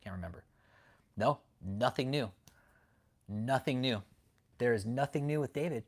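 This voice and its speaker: A man's voice: medium pitch, normal speed. A man hosting a casual livestream, talking bluntly and profanely and greeting viewers in the chat. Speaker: livestream host.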